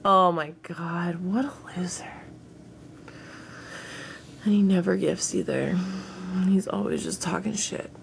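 A young American woman livestreaming, her voice sitting a little low as she drawls through viewer comments at an unhurried pace. She teases and talks back to her chat with frequent laughs, and a faint hiss of noise sits behind her. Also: flat delivery, vocal fry. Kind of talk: casual live-stream chat reading comments.

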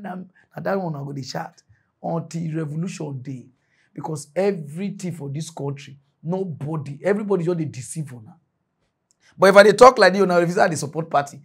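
A Nigerian man hosts a satirical mock news rant in a high, bright-sitting voice. He talks animatedly, jumping from loud bursts down to low muttered asides. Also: fairly quick, slightly rough.

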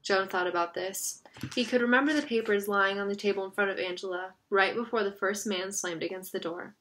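A woman reading a novel aloud in a steady narrating voice. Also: mid-range voice, brisk. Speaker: audiobook reader.

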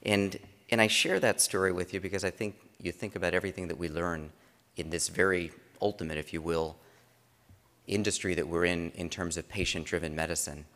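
Deep-voiced man chairing a conference. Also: steady tone, a little fast, a bit bright. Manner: conversational storytelling with frequent restarts. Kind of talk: opening remarks at a conference. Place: large conference room. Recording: long reverb of a conference hall.

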